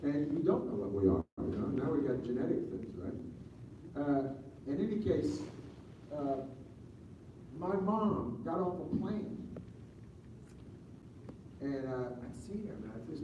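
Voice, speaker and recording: A man talking casually as an interview guest, telling rambling, animated stories with lots of restarts. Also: fairly high pitch, moderate pace, pauses often. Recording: distant mic, echoey room, dull sound, faint noise.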